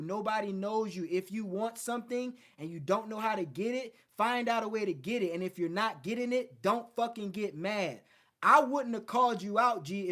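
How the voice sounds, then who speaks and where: A man's voice: high-pitched, fairly bright tone. A man hosting a livestream, lecturing his viewers bluntly and swearing often. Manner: mocks others in put-on voices. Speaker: host. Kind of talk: livestream coaching talk.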